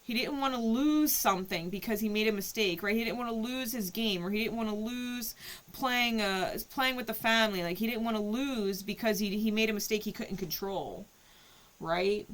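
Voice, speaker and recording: A woman's voice: mid-range voice, moderate pace, rough recording. A woman giving a casual spiritual reading, telling a story in a conversational way and often checking in with "right?". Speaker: tarot reader.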